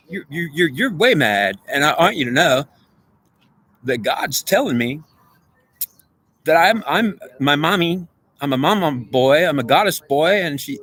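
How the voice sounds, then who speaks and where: A man's voice: a little high, a bit bright. A man in a rambling, emotional monologue, pleading with an unseen goddess in an agitated, repetitive way. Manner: addresses an unseen goddess directly.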